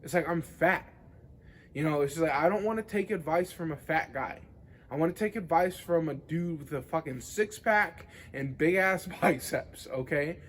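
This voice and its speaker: A man's voice: on the high side, normal speed, slight background noise. Rambling, profane young man. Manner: rambling, profane, heavy on filler words. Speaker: vlogger. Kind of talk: casual monologue to camera.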